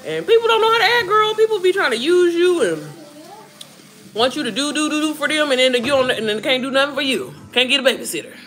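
A woman in her thirties chats casually with her viewers, swooping all over her register in a fairly high, bright voice. She calls them girl and baby as she talks. Music plays quietly behind her. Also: fast. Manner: chatty, animated, addresses listeners as girl and baby. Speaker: vlogger talking to viewers while cooking. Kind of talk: casual chat.

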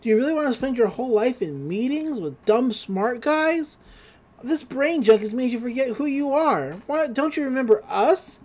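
Cartoon girl, lonely and pleading, pitched up, put on by a woman retelling an episode. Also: lively intonation, normal speed, darkish tone. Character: cheerful lonely young girl.

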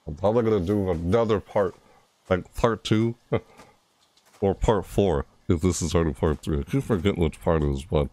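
A man casually commenting on his horror game playthrough, jumpy and excitable, talking to viewers and reading game prompts aloud. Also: low voice, moderate pace. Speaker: gameplay streamer.

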